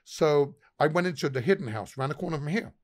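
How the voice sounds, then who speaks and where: A man's voice: fairly high pitch, animated, quick pace. A man, a pub owner and guest, telling profane, laughing anecdotes in casual conversation. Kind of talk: casual storytelling chat.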